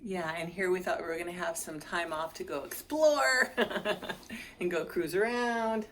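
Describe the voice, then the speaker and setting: A woman's voice: on the low side, a little slow, fairly bright tone, a little hiss or hum. A middle-aged woman giving a casual, upbeat vlog update from home. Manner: chatty, upbeat, cooing baby talk to a cat. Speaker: vlogger sharing her health journey. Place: home, indoors.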